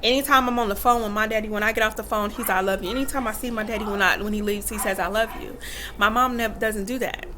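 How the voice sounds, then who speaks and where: A woman's voice: on the high side, steady tone, fast talker, hardly any pauses, sharp tone, a little hiss or hum. A woman in her thirties talking candidly to the camera, emphatic and acting out quotes as she tells stories about parenting. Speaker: vlogger and mother. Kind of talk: casual talk to camera.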